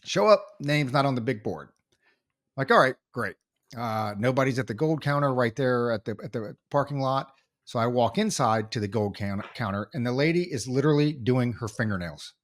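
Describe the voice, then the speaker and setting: A man co-hosting a podcast, telling a story in casual chat, animated and full of restarts. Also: mid-range voice, moderate pace. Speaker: podcast co-host.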